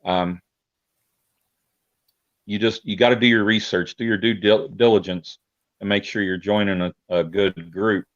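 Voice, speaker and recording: Deep-voiced Indiana man on a dull call. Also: steady tone, a little slow, long pauses. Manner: hesitant, many ums and restarts. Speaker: guest, militia member. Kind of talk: casual interview over a video call. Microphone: video call.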